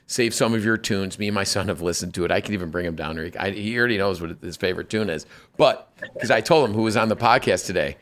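A man hosting a podcast interview in a casual, rambling, animated way, laughing as he talks. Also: on the low side. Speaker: podcast host.

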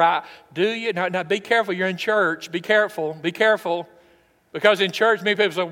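Older pastor guy preaching, high voice, hushed asides then punchy bits, big echoey church. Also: fairly even intonation, fairly quick. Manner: emphatic preacher, dropping to hushed asides and rising for stress. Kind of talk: sermon. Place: church sanctuary.

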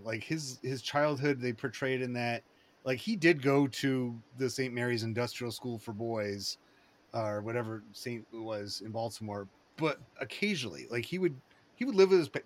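A man talking in a rambling, excitable way, with lots of fillers and restarts, in a casual chat. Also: mid-range voice.

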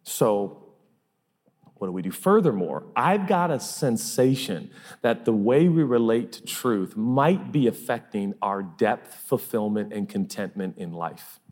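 A man's voice: lowish voice, expressive, a little slow, a little mellow. A man preaching a sermon as pastor, emphatic and repeating phrases for effect, in a large church hall. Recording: long reverb of a large hall.

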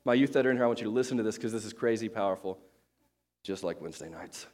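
A man's voice: fairly low pitch, rapid-fire, darkish tone. A male pastor preaching a casual, chatty sermon to his congregation, joking at his own expense and restarting sentences often with many fillers.

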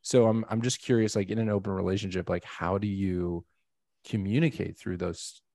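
Low gravelly guy hosting a podcast, jokey and playful, dry sound. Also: moderate pace, no echo. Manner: playful, joking, animated asides. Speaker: podcast host. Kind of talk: casual chat.

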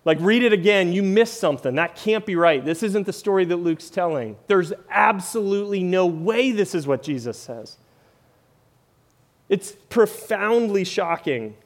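A man's voice: sits high, expressive, a little slow. A man preaching a sermon in a conversational way, often tagging lines with "right?" and "like". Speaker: pastor.

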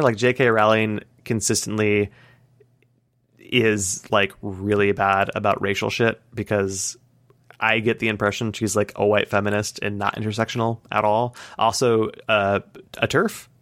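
A man's voice: on the low side, fairly even intonation, moderate pace, fairly bright tone, no echo. A man co-hosting a podcast in casual chat, ranting heatedly with lots of swearing and "like" fillers. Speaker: podcast co-host.

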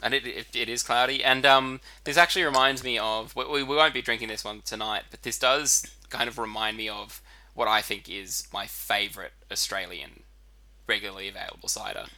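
Dude talking slowly thru his thoughts, lowish voice, really bright sound. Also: steady tone. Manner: thoughtful, hesitant, repeats words. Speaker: podcast co-host. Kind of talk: casual chat.

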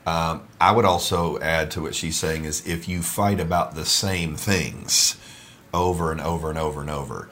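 Deep-voiced man, laughing, talking about marriage. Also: moderate pace, slight background noise. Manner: laughs often, animated when retelling quarrels. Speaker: ministry co-host. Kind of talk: casual conversation about marriage.

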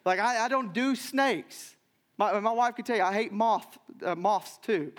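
A man with a high voice preaches to a church congregation in an animated storytelling manner, tossing in "right?" again and again. His voice rings out with the long reverb of a large hall. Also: unhurried. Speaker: pastor. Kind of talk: sermon. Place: church sanctuary.

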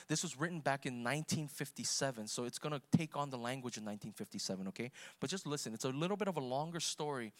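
A man's voice: medium pitch, a bit bright. A man preaching a sermon, emphatic and rising for emphasis.

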